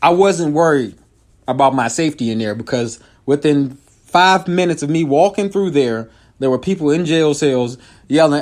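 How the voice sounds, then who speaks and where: At a measured pace, a male comedian and show host recounts a personal story to his viewers. He stays casual and animated, alternating loud, high outbursts with low, quiet asides.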